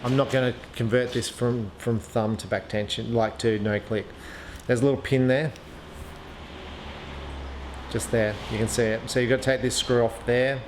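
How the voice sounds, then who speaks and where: A man talks through a piece of archery gear in a relaxed, unscripted way, often pausing on "um" and restarting his sentences. His voice sits at an ordinary middle pitch. The room rings with echo, and there is a faint hum of ambient noise behind him. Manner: chatty, hesitant, lots of ums and restarts. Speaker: archery equipment reviewer. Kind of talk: casual product review, thinking aloud.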